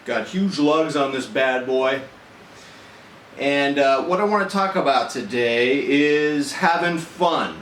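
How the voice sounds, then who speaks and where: Middle-aged man, deadpan in an echoey room. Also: mid-range voice, slow, slight background noise. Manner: deadpan, rambling with many fillers. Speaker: vlogger. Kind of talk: monologue to camera. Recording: echoey room, faint ambience.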